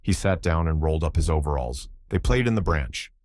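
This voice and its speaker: A man narrating an audiobook in a measured, plain storytelling manner on a close studio mic. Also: very deep voice, lively intonation, darkish tone, no room sound. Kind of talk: scripted literary narration.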